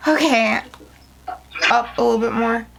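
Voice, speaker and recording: A young woman filming a casual unboxing vlog on her phone at home, gushing and excitable, jumping into high squeals. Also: a little slow, gravelly, a little hiss or hum. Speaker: beauty vlogger starting a business. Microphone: phone camera.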